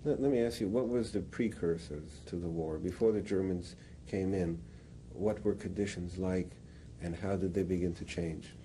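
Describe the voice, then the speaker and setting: A man interviewing an older woman, asking calm, brief questions. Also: deep voice, moderate pace, few pauses, slight background noise.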